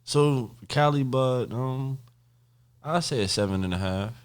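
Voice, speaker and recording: A man co-hosting a loose chat while high, slangy, searching for words and trailing off. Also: measured pace, clean tone. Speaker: co-host. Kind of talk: casual chat.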